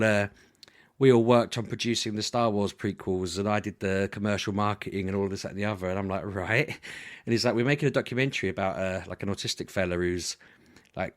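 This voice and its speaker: A man in his thirties, co-hosting a podcast in a casual chat and telling long rambling stories with quick laughs. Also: low-pitched. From United Kingdom. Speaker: podcast co-host.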